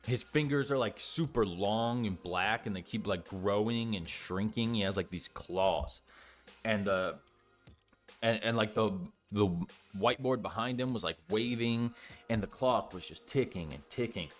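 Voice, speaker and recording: A man's voice: fairly low pitch, a little slow, soft background music. A young man telling a story in a casual vlog, rambling with lots of fillers and swearing freely. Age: young adult. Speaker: storytime vlogger.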